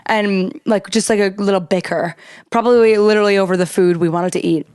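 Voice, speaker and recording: Young woman co-hosting a podcast, chatting casually at a middling pitch. She tells stories with animation and acts out what she said in sudden high, squealing bursts. The recording is dry and close. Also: fairly quick, clear, resonant tone, no room sound. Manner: animated storyteller, acts out her own past lines in shrill, high bursts. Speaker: podcast co-host. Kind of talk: casual storytelling chat.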